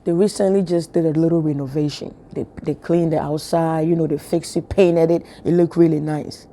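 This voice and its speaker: A woman's voice: deep voice, fairly even intonation, normal speed, warm tone. A woman giving a casual spiritual talk to camera, telling chatty stories with laughs and whispered asides. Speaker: spiritual vlogger.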